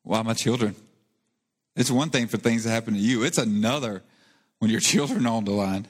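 A male pastor speaks fairly quickly in a mid-range, slightly rough voice, delivering an earnest and conversational sermon. His emphasis rises on key points, echoing through the long reverb of a church hall.

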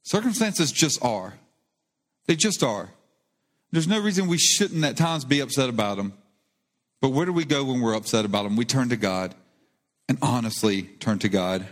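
A man's voice: mid-range voice, lively intonation, moderate pace, pauses often. A male pastor giving a sermon, earnest and conversational, with rising emphasis on key points. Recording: long reverb of a church hall.

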